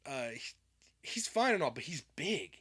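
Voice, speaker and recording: Bright-voiced man, rambling chat. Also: fairly high pitch, sing-song, moderate pace, husky. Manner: rambling, many fillers and restarts; laughs often. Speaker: podcast co-host. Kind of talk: casual chat.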